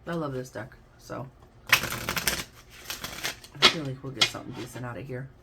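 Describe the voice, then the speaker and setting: Woman, low-pitched, tarot reader; casual and effusive, talks straight to her viewers. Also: normal speed, heavy background noise. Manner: chatty and effusive, addresses listeners as babes and y'all.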